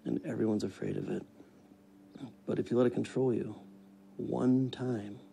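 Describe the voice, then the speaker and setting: An actor playing a rowdy, foul-mouthed man stuck in a time loop, loud and excitable, dropping to low earnest advice. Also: vocal fry, slight background noise. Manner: loud and excitable, swears freely, swings from yelling to low advice. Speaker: actor in a film. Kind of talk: film dialogue.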